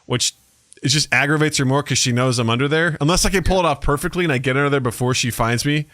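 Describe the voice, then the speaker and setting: A man co-hosting a podcast, telling animated stories in casual chat and acting out voices. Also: medium pitch, fast talker, dry recording, clean studio sound. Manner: animated storyteller, acts out voices. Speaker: podcast co-host.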